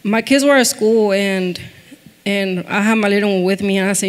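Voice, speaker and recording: Woman sharing testimony, halting and emotional, mid-range voice, echoing hall. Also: mid-range voice. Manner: hesitant, emotional storytelling. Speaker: church member giving testimony. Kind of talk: personal testimony. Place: church stage. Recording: reverberant church hall.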